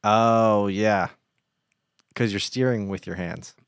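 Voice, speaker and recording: A man with a fairly low voice co-hosts a loose, joking podcast chat. He rambles and riffs playfully. The sound is dry and close to the mic. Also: slow pace, vocal fry, smooth, no echo. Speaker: podcast co-host. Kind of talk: casual banter.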